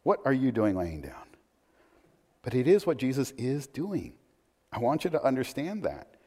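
Animated male preacher in a reverberant hall. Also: medium pitch, moderate pace, slightly rough. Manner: animated, conversational preaching with asides. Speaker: pastor. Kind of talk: sermon.

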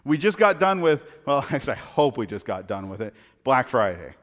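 A man preaching a sermon, telling funny everyday stories in a chatty, animated way. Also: medium pitch, a little fast. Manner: conversational, animated, self-deprecating anecdotes. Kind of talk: sermon with humorous storytelling. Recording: long hall reverb.

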